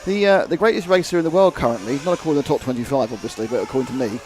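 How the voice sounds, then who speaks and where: A man's voice: mid-range voice, expressive, racing, darkish tone. Chatty man commentating a race. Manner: chatty, jokey, reads viewer comments. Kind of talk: live race commentary chat.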